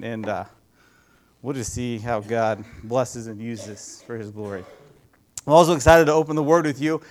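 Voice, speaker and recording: In a church, a male youth pastor with a mid-range voice delivers a casual, conversational sermon. He frequently puts questions to the audience.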